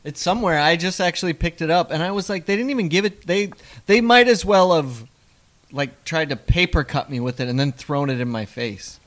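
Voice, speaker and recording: A man's voice: on the high side, normal speed, fairly bright tone. Rambling, jokey man chatting casually. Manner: rambling, jokey, trips over his words. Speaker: podcast co-host. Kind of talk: casual chat.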